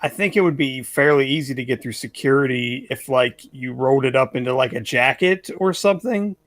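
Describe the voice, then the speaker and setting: A man's voice: medium pitch, fairly quick, fairly bright tone, no echo. A man co-hosting a casual podcast chat, telling a story in a rambling way, full of "like"s. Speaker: podcast co-host.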